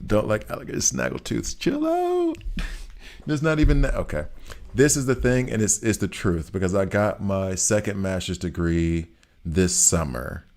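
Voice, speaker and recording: A man's voice: low-pitched, normal speed, a little mellow. A man streaming a video game, chatting casually and joking as he plays, rambling and often laughing. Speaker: gaming streamer. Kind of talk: casual gameplay commentary.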